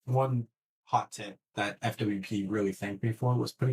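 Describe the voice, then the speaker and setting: A man on a casual podcast, telling a story in an animated way, swearing freely and often restarting his sentences. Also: fairly low pitch, normal speed.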